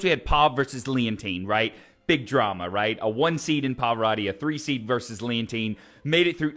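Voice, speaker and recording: A man's voice: medium pitch, a bit bright. A man hosting an opera web show from his hot home room, chatting to camera with enthusiasm and many restarts. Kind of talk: casual direct-to-camera talk. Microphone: camera mic with ring light.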